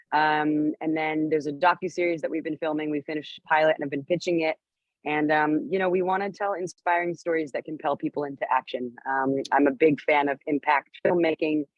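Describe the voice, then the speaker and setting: A woman's voice: deep voice, no room sound. A woman speaks over a video call that sounds dull and lo-fi in a dry, close space. She is bubbly and laughs often, and she fills her answers with "um" and "you know.". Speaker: actress guest.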